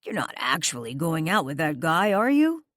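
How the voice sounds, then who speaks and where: Female narrator playing a cursing rock star father, lowered voice, slow and steady delivery, audiobook. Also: dry recording, clean studio sound. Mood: angry, hushed. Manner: soft and gentle with his child, blunt and cursing in arguments. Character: gruff young male rock star, protective dad.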